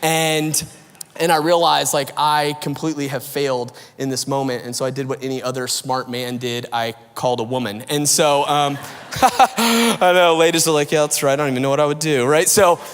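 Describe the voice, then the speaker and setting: A man preaching a sermon as a pastor, telling a story in a lively, self-mocking way and acting out what people said. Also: medium pitch, fairly quick, smooth. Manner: animated and self-mocking, acts out quotes, laughs often. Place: large church hall. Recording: long hall reverb.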